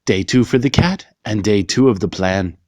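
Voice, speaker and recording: A man reading a children's picture book aloud in slow, clearly paced storytelling. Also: on the low side, darkish tone, no room sound. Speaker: reader.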